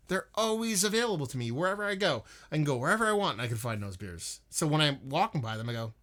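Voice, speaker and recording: Profane, rambling beer-stream host. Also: male voice, a little high, very animated, fast talker, a bit bright. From northeastern United States. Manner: profane, rambling, reads out chat comments. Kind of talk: casual livestream chat.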